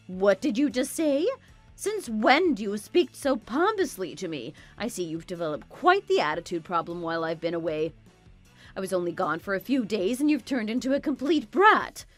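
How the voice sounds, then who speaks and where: A woman's voice: medium pitch, dry recording. A woman voicing a domineering, spiteful older mother-in-law in a dramatized story, scolding and belittling. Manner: scolding, contemptuous, bossy.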